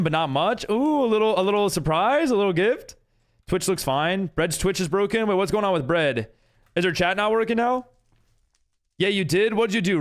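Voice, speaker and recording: An American man talks casually through a live game stream, reading messages from his chat and answering them as he builds. His voice sits fairly high for a man, and his pitch swings widely as he talks. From United States. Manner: chatty, reads and answers chat while building.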